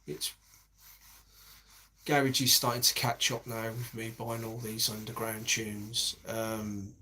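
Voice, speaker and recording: A man's voice: lowish voice, monotone, takes it slowly, bright, forceful tone, a little hiss or hum. A man in his forties, rambling in a casual monologue with heavy swearing and many restarts.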